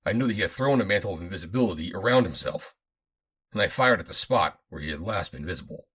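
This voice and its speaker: A man reading a first-person adventure audiobook aloud, in a dramatic, expressive manner. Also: sits low, quick pace, husky. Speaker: audiobook narrator.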